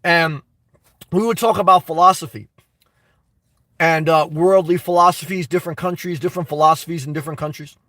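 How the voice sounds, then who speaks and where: A man's voice: on the high side, steady tone, fairly quick, fairly bright tone, no room sound, distant mic. A man hosting a casual live stream, answering viewer comments in an emphatic way that repeats his points and breaks into laughter between remarks. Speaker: YouTube host answering live chat.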